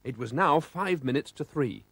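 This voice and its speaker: A man's voice: a little high, expressive, moderate pace, creaky, breathy edge, no echo. A man with a British accent narrating a children's storybook expressively, voicing sound effects.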